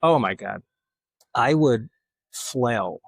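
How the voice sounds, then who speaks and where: A man's voice: mid-range voice, animated, extremely slow, creaky, no room sound, low-quality recording. A man, a guest telling rambling, self-mocking stories in casual interview chat. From Alabama. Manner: rambling, self-mocking storyteller who acts out quoted voices. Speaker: guest artist.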